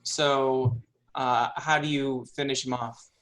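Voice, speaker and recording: A man narrating a tabletop game as game master, unhurried and full of fillers. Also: mid-range voice, steady tone, fairly bright tone, rough recording.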